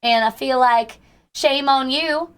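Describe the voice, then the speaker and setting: A woman's voice: high voice, slow, smooth. A young woman streamer with a sick, strained voice, chatting in a rambling way and greeting her viewers by name. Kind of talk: casual live-stream chat with viewers.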